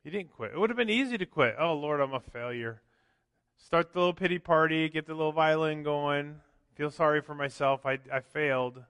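Bright-voiced preacher in a reverberant church. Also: male voice, fairly high pitch, fairly quick, clean tone. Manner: conversational preaching, frequent "right?" asides, acts out quotes. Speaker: pastor. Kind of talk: sermon. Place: church sanctuary.

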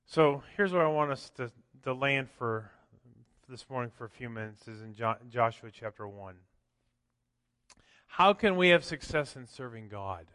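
Bright-voiced preacher in a reverberant church. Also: male voice, medium pitch, clean studio sound. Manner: conversational preaching, frequent "right?" asides, acts out quotes. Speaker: pastor. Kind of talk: sermon. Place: church sanctuary.

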